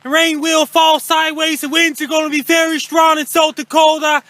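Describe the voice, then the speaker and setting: A man putting on a squeaky male weather forecaster who reads a mock storm report. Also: normal speed, no echo. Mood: alarmed. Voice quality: squeaky, high and flat.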